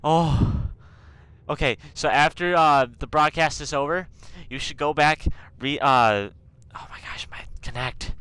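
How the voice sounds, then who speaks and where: A young game streamer gives live commentary on his own gameplay, rambling to his viewers and shrieking after a jump scare. His voice is fairly high, unhurried, bright and forceful, recorded clean with no room sound.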